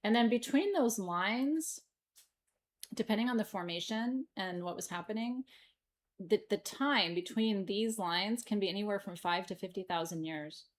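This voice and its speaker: A middle-aged woman hosting a live stream sale, joking and laughing as she shows off stones. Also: mid-range voice. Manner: playful, giggly, jokey. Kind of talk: live-stream sales chat.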